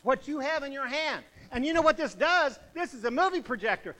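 A high-pitched man with a bright, sharp tone preaches a revivalist sermon with fire. He swings between booming bursts and low, hushed stretches, pressing his points home. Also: lively intonation, brisk, hardly any pauses, rough recording.

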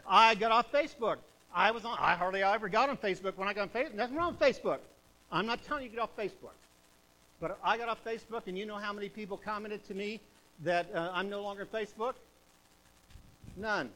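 Man, preacher, high voice, bright sharp tone, fiery revivalist sermon, loud bursts and hushed asides. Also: slight background noise, rough recording.

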